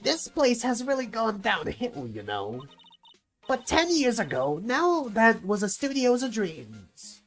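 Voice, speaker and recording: Guy doing a croaky old lady guard, high and swoopy, nosy and scolding, sore throat showing. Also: huge pitch swings, slow, a bit bright, faint music behind, exaggerated voice. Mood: reminiscing. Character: nosy old female studio security guard, chatty and scolding.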